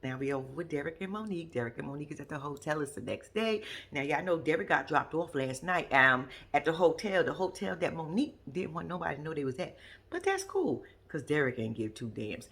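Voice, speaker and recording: A woman's voice: a little fast, slightly rough. A woman giving blunt, sassy, profane running commentary as a recap vlog host. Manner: lively, swoops high for asides.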